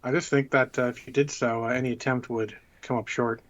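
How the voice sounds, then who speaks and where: A man's voice: mid-range voice, level tone, fairly quick, muffled recording. A man co-hosting a tabletop gaming podcast, ranting bluntly and swearing a lot in casual chat. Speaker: podcast co-host.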